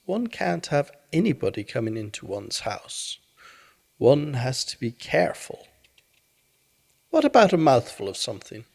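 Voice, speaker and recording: A man's voice: medium pitch, wildly swooping pitch, unhurried, creaky, a little mellow, slightly rough, heavily acted. A man voicing a fussy, cautious male rabbit in a bedtime storybook reading, prim and careful in his speech. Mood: fussy, polite.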